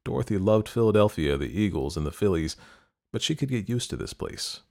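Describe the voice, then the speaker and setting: A man hosting a podcast, reading stories aloud in calm, measured scripted narration. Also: lowish voice, gravelly. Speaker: podcast host and story narrator.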